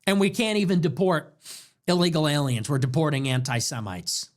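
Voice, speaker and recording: Speaking at a moderate pace in a voice on the high side, this young man fronts a political program. He rants through a fiery monologue, firing off the same rhetorical questions again and again.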